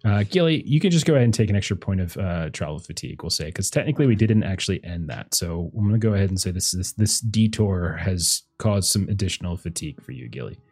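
A man's voice: low-pitched, lively intonation, fast, few pauses, a little mellow, slightly rough. A man narrating a tabletop role-playing game as game master, rambling with many fillers.

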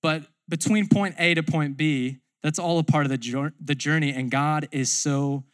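A man's voice: a little high, fairly even intonation, normal speed. A man pastor preaching a sermon, telling a personal story in a casual, chatty way.

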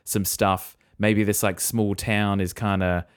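A man's voice: lowish voice, little pitch movement, slow pace, clean tone, dry recording, clean studio sound. A man co-hosting a casual podcast, joking and guessing a movie plot aloud. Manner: jokey, musing aloud, slips into silly voices. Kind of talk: casual playful chat.

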